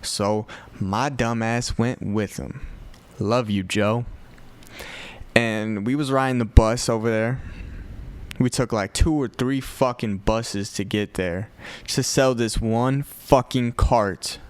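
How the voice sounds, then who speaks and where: A young man from Chicago with a Chicago accent, telling a profane, animated story on a podcast. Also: medium pitch, slow pace, clear, resonant tone. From north side of Chicago. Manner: profane, animated retelling with quoted voices. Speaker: podcast host. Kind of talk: casual storytelling.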